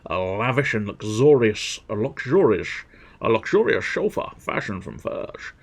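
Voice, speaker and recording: A man doing a drawling impression of a gruff older Scottish film star, with a gravelly voice. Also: lowish voice, sing-song, measured pace, exaggerated voice. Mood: mock-polite.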